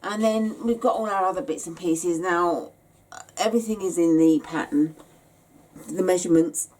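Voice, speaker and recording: A woman's voice: lowish voice, moderate pace, darkish tone. A tired woman giving a chatty, rambling sewing tutorial, yawning and hesitating as she explains her steps. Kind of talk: casual step-by-step craft tutorial.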